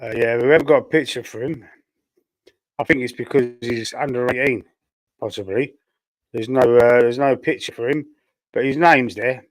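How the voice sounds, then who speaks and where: This is casual live-stream talk from a London man with a Cockney accent on a football fan channel, reading viewers' comments and rambling with many fillers. He keeps coughing and sounds somewhat choked. His mid-range voice moves at a moderate pace with long pauses, and there's no echo.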